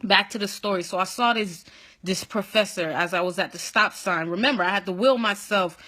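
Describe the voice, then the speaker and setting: A young adult woman telling her own story in a casual vlog, expressive, with loud whoops and animated retelling. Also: mid-range voice, brisk. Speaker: vlogger.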